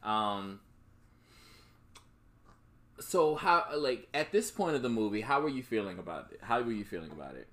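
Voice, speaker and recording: Bright-voiced man rambling casually. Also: lowish voice, big pitch swings, moderate pace, long pauses. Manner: rambling, profane, lots of fillers and restarts. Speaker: podcast co-host. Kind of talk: casual chat recapping a movie.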